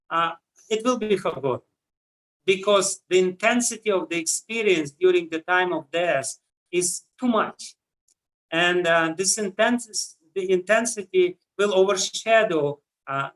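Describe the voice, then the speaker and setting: A man with a heavy Russian accent gives a scripture lecture, his voice bright and slightly high for a man. He speaks in a measured way, pausing often with "uh" as he works through each point. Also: poor audio. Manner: measured, with frequent "uh" pauses. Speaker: spiritual teacher.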